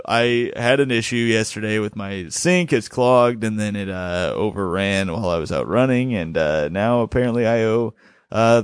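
A man's voice: on the low side, no room sound, studio quality. A man hosting a podcast in casual chat, upset and stressed, ranting with swearing and laughing through his complaints. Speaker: podcast host.

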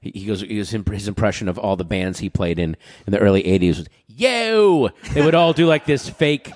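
Middle-aged guy telling stories on a podcast, kinda low voice, keeps clearing his dry throat, lots of reverb. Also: fast. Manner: animated storyteller, acts out quotes. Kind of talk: casual chat.

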